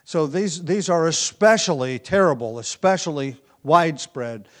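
A man teaching verse by verse through a Bible passage, explaining as he goes, with frequent ums and restarts. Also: fairly high pitch.

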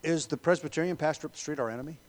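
A man preaching an expository sermon as a pastor, emphatic on key words, with frequent ums and throat clearing. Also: a little high, rapid-fire.

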